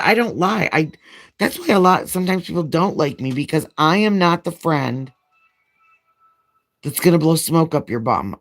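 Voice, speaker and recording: A woman chatting casually as a nail vlogger while she does her nails, telling a long, frank, rambling story. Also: low voice.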